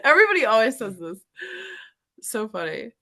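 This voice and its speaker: A woman's voice: on the high side, big pitch swings, moderate pace, vocal fry, bright, forceful tone. A woman from Massachusetts, a union laborer who is a guest on a podcast, talking casually, chatty, laughing often and filling her talk with "like".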